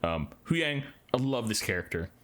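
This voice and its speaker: Man, podcast co-host with a low-set voice, casual and hesitant, reads recaps with frequent fillers. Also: very animated, normal speed, fairly bright tone. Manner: hesitant, many fillers and restarts. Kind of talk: casual podcast chat, reading episode summaries.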